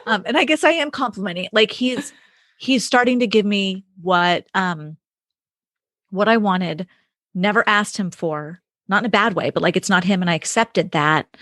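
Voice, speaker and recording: A woman's voice: medium pitch, normal speed, a bit bright, no room sound. Woman, podcast co-host, chatty, storytelling, laughs easily, dry sound. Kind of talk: casual chat.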